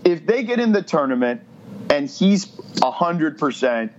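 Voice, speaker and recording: A man's voice: fairly high pitch, sing-song, unhurried, muffled recording. Blunt, matter-of-fact man talking sports. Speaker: sports radio host, podcast guest. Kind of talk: casual sports talk.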